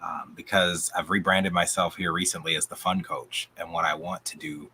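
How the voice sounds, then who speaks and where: Man, deep pitch, bright forceful tone, voice going out, enthusiastic, video call chat. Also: fairly even intonation, normal speed, a little hiss or hum. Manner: upbeat, enthusiastic, rambling with restarts. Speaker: coach, channel guest.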